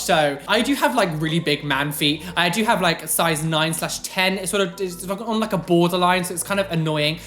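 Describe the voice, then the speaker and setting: A man in his twenties from England with a fairly high, camp voice, chatting animatedly through viewer questions in a casual vlog. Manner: chatty and animated, lots of fillers. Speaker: vlogger answering viewer questions. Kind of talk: casual Q&A chat.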